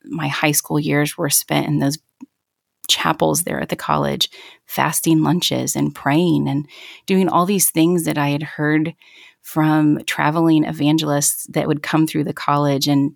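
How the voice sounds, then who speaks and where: A woman's voice: sits low, vocal fry, no room sound, studio quality. A woman in her thirties sharing a personal faith story in an interview, earnest and reflective, often restarting her sentences. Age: 30s. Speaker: guest.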